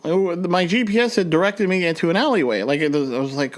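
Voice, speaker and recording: A man's voice: animated, quick pace, hardly any pauses. A young man hosting a podcast, telling a personal story in a rambling way with many restarts, his voice jumping up when he acts out his panic. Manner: rambling, frequent restarts, voice jumps high when reenacting panic. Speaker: podcast host.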